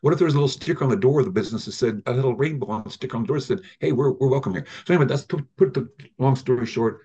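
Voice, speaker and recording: An older man, guest in an interview, tells long, rambling stories about the app he built, often restarting as he goes. His medium-pitched voice is mellow and rapid-fire, and the recording sounds muffled.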